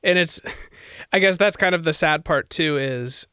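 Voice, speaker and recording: A man's voice: on the high side, measured pace, clean tone, no echo, studio quality. A man in his thirties co-hosting a podcast, chatting casually with jokes and lots of "dude". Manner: animated, joking, says "dude" a lot. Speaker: podcast co-host. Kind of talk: casual chat.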